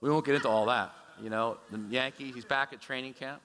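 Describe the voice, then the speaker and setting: A man preaching a sermon in a church, chatty and animated, with frequent asides and restarts. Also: medium pitch, fairly quick, slight background noise. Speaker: pastor. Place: church sanctuary. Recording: echoey large hall.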